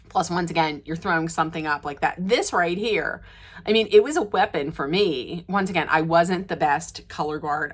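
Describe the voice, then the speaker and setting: Woman telling a lively story. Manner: animated, laughs often, voice jumps high and loud when excited. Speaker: vlogger. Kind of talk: casual storytelling to camera.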